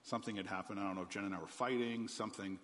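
Middle-aged guy pastor telling his story in a sermon, kinda low voice, lots of um's, faint room hum behind. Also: fairly even intonation, rapid-fire, fairly bright tone. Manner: candid, conversational, many um fillers. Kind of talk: personal testimony in a sermon. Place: church auditorium. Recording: church hall reverb, faint ambience.

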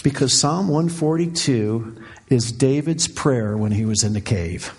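A middle-aged man preaching a sermon as pastor, swinging from quiet, low passages to fervent, raised cries. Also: lively intonation, unhurried, slightly rough.

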